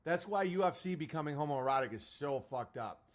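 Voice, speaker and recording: A man's voice: a little high, expressive, brisk. A middle-aged man hosting a watch party, ranting in a crude, mocking, profane way. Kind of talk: casual ranting commentary.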